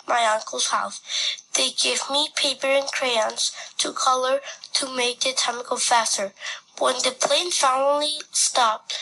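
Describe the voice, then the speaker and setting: A woman's voice: high voice, bright, forceful tone, a little hiss or hum, rough recording. A woman reading a first-person story aloud in simple, earnest short sentences.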